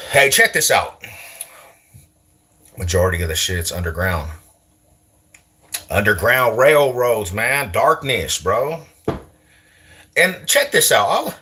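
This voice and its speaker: A man's voice: low voice, bright, forceful tone, breathy edge. A man in his forties from East Side Denver with a local street accent, chatting casually on a livestream in heavy slang, repeating himself and laughing often. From East Side Denver, Colorado. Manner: slangy, repetitive, laughs a lot between remarks. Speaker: YouTuber. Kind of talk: casual livestream chat answering comments.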